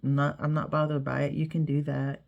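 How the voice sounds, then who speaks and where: A woman's voice: sits low, flat delivery, fairly quick, vocal fry, darkish tone, dull audio. A middle-aged woman talks to her viewers in a casual, heartfelt way, rambling and repeating herself with many "you know"s. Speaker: vlogger. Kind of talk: casual heartfelt talk to camera.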